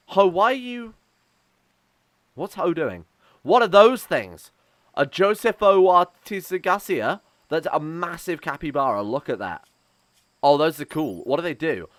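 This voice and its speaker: A man streaming a video game, rambling and thinking aloud with lots of fillers, excitable as he plays, recorded close on a desk mic at home. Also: on the high side, no room sound. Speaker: gaming streamer. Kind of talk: casual let's-play commentary.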